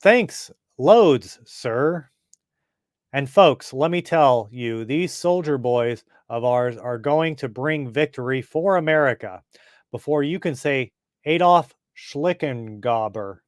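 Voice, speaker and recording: A man's voice: medium pitch, animated, takes it slowly, no room sound, studio quality. A man voicing a cheerful young boy radio reporter in a comic reading, eager and chatty.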